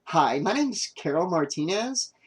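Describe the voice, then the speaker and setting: A man's voice: sits high, sing-song, a little slow, slightly rough, exaggerated voice. A man reading an audiobook, voicing an irritable young woman making a documentary, curt and exasperated. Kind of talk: audiobook character voice.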